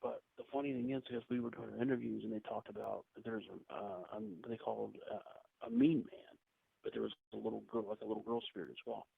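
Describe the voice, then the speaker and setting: A man telling rambling ghost-hunting anecdotes as a podcast guest, with quick asides. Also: on the low side, vocal fry, husky, no echo. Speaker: podcast guest, paranormal investigator. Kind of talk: casual storytelling interview. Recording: tinny phone-like line.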